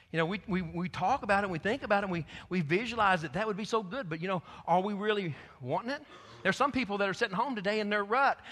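A male pastor preaching a fervent sermon, swinging between loud exhortation and quiet asides. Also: high voice. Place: church. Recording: long reverb of a church hall.

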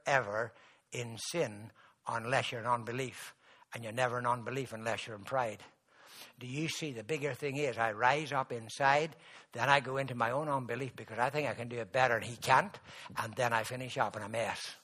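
A man preaching a sermon, moving from quiet storytelling to loud, emphatic exhortation. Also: medium pitch, steady tone, normal speed, breathy edge.

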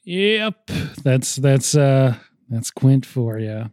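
A man's voice: medium pitch, very animated, drawn-out words, darkish tone, no room sound, studio quality. A young man in casual film talk with friends, rambling and often laughing as he goes.

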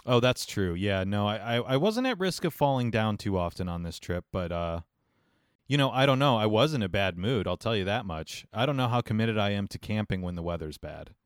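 A man in a casual chat who answers with dry, deadpan teasing. His voice sits somewhat low. The sound is close and dry. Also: a little fast, no room sound. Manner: dry, teasing humor with mock-serious remarks.

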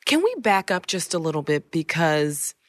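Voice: medium pitch, big pitch swings, moderate pace, no echo. A podcast host leading a casual interview with chatty, friendly questions.

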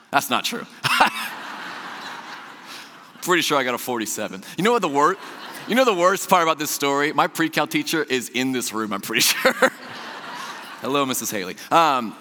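A young man preaching a sermon, telling stories with animated energy, then dropping to a soft, slow hush for scripture. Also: fairly high pitch. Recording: long hall reverb.

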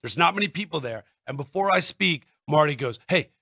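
A man's voice: on the high side, lively intonation, fairly quick, pushed and bright, no echo, studio quality. A man, a guest comedian, chatting casually and acting out the people in his stories. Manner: storyteller, imitates people he quotes. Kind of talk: casual chat.

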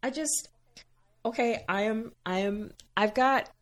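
A woman's voice: mid-range voice, normal speed. A woman co-hosting a podcast in casual chat, jokey and playfully dramatic. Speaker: podcast co-host.

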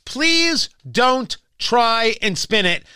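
A man's voice: very high voice, big pitch swings, extremely slow, sharp tone, smooth, dry recording, studio quality. A man hosting political talk radio, emphatic and sarcastic, sometimes mocking other voices. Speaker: radio talk show host.

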